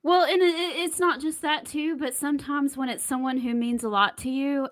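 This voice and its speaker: A woman co-hosting a casual chat, chatty and quick to laugh. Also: high-pitched, fairly even intonation, dry recording. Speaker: podcast co-host.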